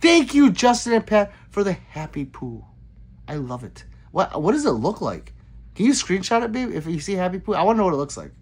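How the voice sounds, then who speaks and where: A man's voice: high-pitched, brisk, husky. Male streamer reading chat aloud, loose and profane, with a voice that rises and falls a lot. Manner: animated, profane, chatty. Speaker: livestream host. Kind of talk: casual livestream chat reading.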